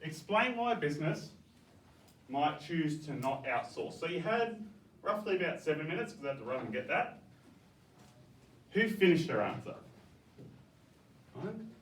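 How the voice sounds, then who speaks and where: A man's voice: mid-range voice, fairly bright tone. Man teaching a class, far off. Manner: coaxing, brisk, frequent "okay?". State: out of breath. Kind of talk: classroom feedback. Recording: echoey classroom, from far off, faint background noise.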